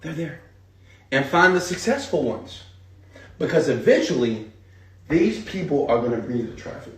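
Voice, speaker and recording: Animated hype-driven male seminar speaker. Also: a little high, moderate pace, echoey room, recorded from a distance. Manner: animated, hype-driven, addresses audience directly. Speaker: speaker teaching an online marketing seminar. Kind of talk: live seminar talk.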